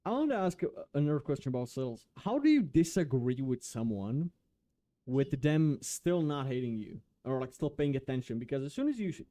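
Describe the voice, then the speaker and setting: Relaxed man with mellow voice asking questions. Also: medium pitch, a little fast. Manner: relaxed, curious questions with many "like"s and casual swearing. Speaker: podcast host. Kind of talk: casual podcast chat.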